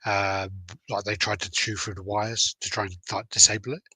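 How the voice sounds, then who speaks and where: A man's voice: lowish voice, level tone, moderate pace, pushed and bright, husky, no echo, rough recording. A man hosting a casual podcast, swearing freely and rambling through stories. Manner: swears freely, loose storytelling with fillers. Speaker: podcast host.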